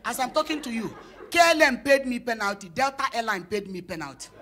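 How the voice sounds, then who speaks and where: A woman pastor preaching a sermon, telling a personal story and acting out the dialogue, building up to shouted declarations. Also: a little high, animated, brisk. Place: church conference hall.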